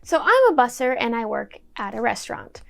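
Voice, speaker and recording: A woman's voice: on the high side, big pitch swings, fairly quick, vocal fry, a bit bright. A young woman in a casual storytime vlog, chatty and wry, swearing freely while she tells what happened, filmed at home on a camera mic. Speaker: YouTuber telling a story.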